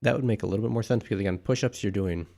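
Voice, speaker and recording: A man's voice: fairly low pitch, racing, gravelly, dark tone, faint music behind. Breathless, chatty man streaming. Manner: chatty, rambling, thinking aloud to chat. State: out of breath after pull-ups. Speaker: live streamer. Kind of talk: casual live-stream chat. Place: indoors at home.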